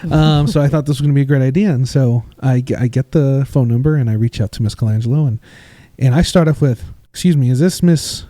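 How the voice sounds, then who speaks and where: Speaking fast with hardly any pauses, this podcast host keeps his interview chatty and casual, spinning stories and voicing quoted lines with a rising pitch. His tone is warm, and there's no room sound.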